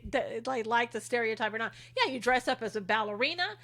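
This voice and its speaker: On the high side and pushed and bright, her animated voice moves a little fast. The middle-aged woman is hosting a casual livestream, reading comments from viewers aloud and responding in a sarcastic, chatty manner with frequent laughter.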